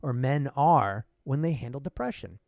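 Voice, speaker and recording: A man co-hosting a casual podcast, talking in an animated way, swearing freely and laughing often. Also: mid-range voice, normal speed, creaky, no room sound. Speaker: podcast co-host.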